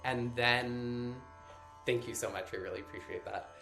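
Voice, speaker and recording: A man's voice: medium pitch, fairly even intonation, normal speed, gravelly, sharp tone, reverberant, soft background music. A man teaching a live-streamed workshop on mantra chanting, patiently explaining pronunciation step by step. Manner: hesitant, many fillers and restarts.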